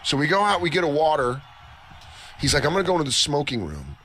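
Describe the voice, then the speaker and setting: A man's voice: on the high side, fast. A man from the United States telling a long, profane story on a talk show, acting out the people in it. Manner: animated, profane, acts out voices in his story. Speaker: show host. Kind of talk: casual storytelling. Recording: faint music behind, radio broadcast.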